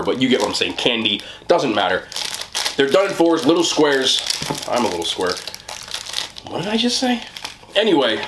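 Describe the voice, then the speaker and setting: A man's voice: medium pitch, a bit bright, echoey room, slight background noise. A man hosting a casual food review video, talking in an enthusiastic, chatty, rambling way. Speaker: mukbang host.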